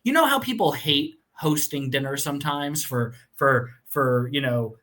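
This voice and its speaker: A fairly high-voiced man on a casual podcast, telling his stories with animated energy and plenty of swearing. He talks fast and expressively as he chats with his co-host. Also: slight background noise. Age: adult father. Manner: animated, profane storytelling.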